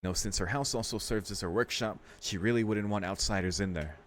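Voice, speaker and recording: A man's voice: on the low side, a little fast, slight background noise. A man hosting a let's play, reading a visual novel's text aloud and breaking off to react casually, now and then with a swear. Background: faint game music.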